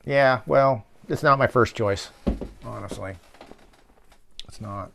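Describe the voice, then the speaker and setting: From his office, a man hosts a casual show riffing on movies, ranting profanely and rambling. His mid-range voice is slow, gravelly, and fairly bright, with a little hiss or hum in the recording.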